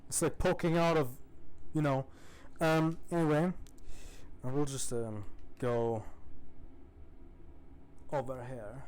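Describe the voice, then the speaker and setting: A man's voice: mid-range voice, fairly even intonation, slow, pauses often, darkish tone, clean tone. A young man casually commenting on his gameplay, laid-back and swearing freely, laughing now and then. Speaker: streamer.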